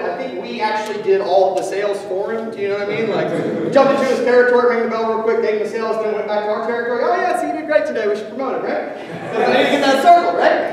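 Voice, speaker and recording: A man giving a casual storytelling talk to an audience, animated, swearing often and laughing as he goes. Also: high-pitched. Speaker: speaker at a training event. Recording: echoey hall, distant mic, audience.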